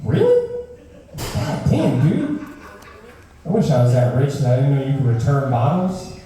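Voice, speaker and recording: A man's voice: mid-range voice, moderate pace, a little hiss or hum. A man performing a stand-up set at an open mic, ranting in disbelief with plenty of swearing. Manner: animated, profane, incredulous rants. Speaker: stand-up comedian. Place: open mic comedy room. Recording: very echoey room, mic far off.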